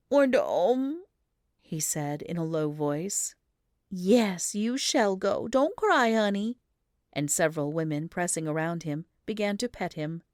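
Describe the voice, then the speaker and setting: A woman reads an audiobook with measured, even storytelling. Her voice is mid-range, and the studio-quality recording has no room sound.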